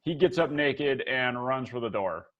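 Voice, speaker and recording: A man's voice: mid-range voice, animated, a little slow, fairly bright tone, lo-fi sound. A man running a tabletop game as dungeon master, laughing often and talking loosely with lots of fillers.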